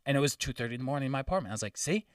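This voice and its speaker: A young man hosting a podcast, telling a story in casual chat, swearing often and getting animated. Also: mid-range voice, very fast, clear, resonant tone, no room sound, clean studio sound, recorded from a distance. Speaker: podcast host.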